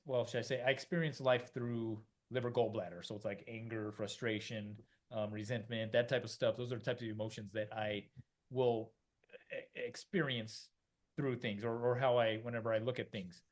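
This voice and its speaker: A man's voice: lowish voice, darkish tone. A middle-aged man, a podcast co-host, explaining ideas in a rambling casual way, with many fillers and restarts, often acting out quoted voices.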